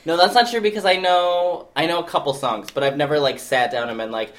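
A man's voice: on the high side, fairly quick, a bit bright. A man co-hosting a podcast in casual, jokey chat, now and then slipping into song or a silly put-on accent. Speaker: podcast co-host.

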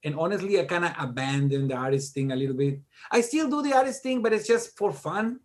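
A middle-aged man chats as an interview guest with a slightly high, lively voice. He tells his stories with animated, self-mocking humor and laughs at himself along the way. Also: fast. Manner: animated, self-deprecating joker. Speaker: guest music producer. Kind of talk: casual interview storytelling.

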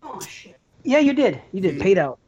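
A man's voice: high voice, big pitch swings, normal speed, darkish tone. Laughing, rambling podcast co-host man. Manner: laughs often, loose and rambling. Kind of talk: casual chat. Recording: slightly dull lo-fi audio.

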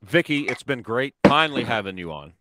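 A man's voice: mid-range voice, sing-song, a little fast, very noisy. A man hosting a casual podcast interview who jokes with his guests and wraps up the show with plugs. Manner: chatty, joking, promotional wrap-up. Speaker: podcast host.

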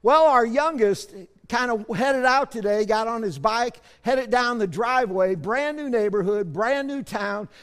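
High-voiced preaching man in a reverberant hall. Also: unhurried, hardly any pauses, clean tone. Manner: preaching, swings from soft asides to shouts. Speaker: pastor. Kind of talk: sermon.

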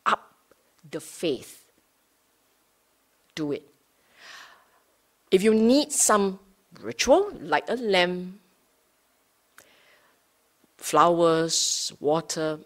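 A woman with a lowish voice gives a Dhamma talk to a small group of students. She speaks very slowly and deliberately, restating her points and stopping to check in with her listeners. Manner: unhurried, often checks in with listeners; rephrases and repeats points for emphasis. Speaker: Buddhist Dhamma teacher.

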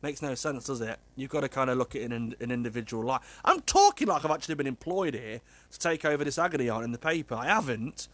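A man's voice: mid-range voice, sing-song, quick pace, hardly any pauses, a bit bright, no room sound. Blunt, chatty man. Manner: blunt, chatty, swears freely. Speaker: podcast host giving agony aunt advice. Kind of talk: casual chat.

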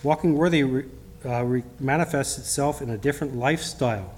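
In a mid-range, slightly mellow voice, a middle-aged lay preacher offers a church sermon with personal testimony. His speech comes haltingly with many restarts, and the scripture he reads is in King James wording.

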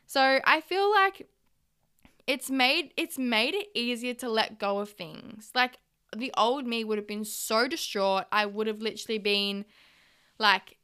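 A young Australian woman hosts a podcast on her own, chatty and candid, with swearing and acted-out reactions. Her voice is bright and a little high, and it sounds crisp and clear throughout. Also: unhurried. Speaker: podcast host. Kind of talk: casual solo podcast monologue.

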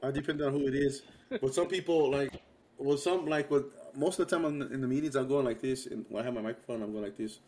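A man's voice: medium pitch, quick pace, a little mellow. A man co-hosting a casual group chat over a video call, teasing and swearing freely. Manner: teasing, profane trash talk. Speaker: podcast co-host.

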